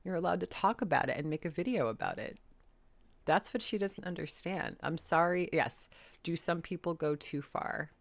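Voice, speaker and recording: A woman with a low, gravelly voice delivers blunt reaction commentary. She sounds exasperated and swears freely. The sound is dry and close. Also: lively intonation, moderate pace, no echo. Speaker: commentary host.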